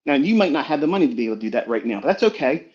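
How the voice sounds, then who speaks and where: Very animated and very fast, this middle-aged trading mentor fires off a profane, blunt motivational lecture full of rhetorical questions. His mid-range voice has a darkish tone, and the audio is dull and lo-fi.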